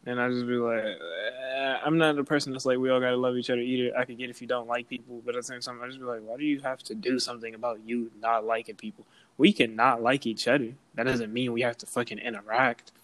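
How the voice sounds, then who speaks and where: A man's voice: mid-range voice, steady tone, quick pace, a bit bright, no echo, low-quality recording. A young man, chatting casually and animatedly, acting out voices in his stories. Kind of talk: casual chat.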